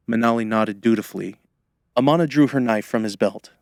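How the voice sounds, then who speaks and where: A man's voice: medium pitch, a little mellow, no echo. Man narrating an audiobook, dry close sound. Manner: measured storytelling. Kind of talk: scripted narration.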